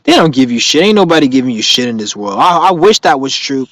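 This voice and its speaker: A man's voice: medium pitch, fast, no room sound, rough recording. A man chatting casually on a live stream, answering viewers in rambling, profane street slang and telling stories with animation. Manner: animated storytelling.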